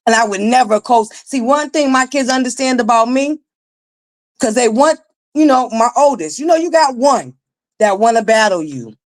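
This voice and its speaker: Pitched fairly high and moving at normal speed, this raspy-voiced woman in her forties hosts a casual live-stream commentary. Her delivery swoops and stays lively as she speaks directly to viewers in a blunt, emphatic, profane way.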